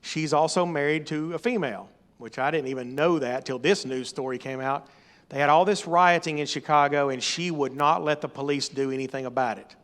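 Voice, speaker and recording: A middle-aged man preaching a sermon, emphatic and rising to loud exhortation. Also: on the high side, a little fast. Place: church or meeting hall.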